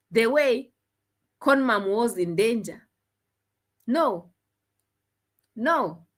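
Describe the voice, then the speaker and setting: A woman's voice: fairly high pitch, lively intonation, drawn-out words, pauses often. A woman giving opinionated commentary, scolding with rhetorical questions and dramatic repeats. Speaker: commentary vlogger.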